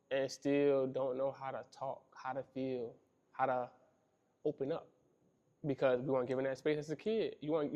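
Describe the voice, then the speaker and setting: A man's voice: medium pitch, warm tone. Earnest young man talking casually. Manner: earnest, repeats himself, casual slang like "bro". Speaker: podcast host. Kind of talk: reflective monologue on men's feelings.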